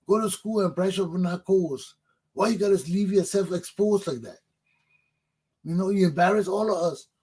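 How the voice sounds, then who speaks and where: A man's voice: high voice, dark tone, breathy edge. A middle-aged man with a Liberian accent, hosting a talk show in an emphatic, preachy monologue that repeats its points. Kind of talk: animated opinion monologue.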